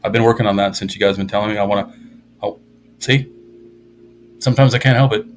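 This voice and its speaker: A man's voice: fairly low pitch, fairly even intonation, quick pace, a little hiss or hum. A man chatting casually on a live stream in a rambling, sarcastic and self-mocking way.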